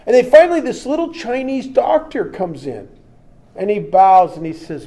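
Man, recovery-story speaker; plain-spoken, humorous, slightly higher voice. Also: measured pace, creaky. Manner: plain-spoken and humorous, shifting between lively and quiet. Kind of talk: personal storytelling talk.

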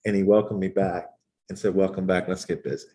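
A man telling his recovery story to a group, animated and jumping into high voices when he quotes people. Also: brisk. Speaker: speaker sharing at a recovery meeting.

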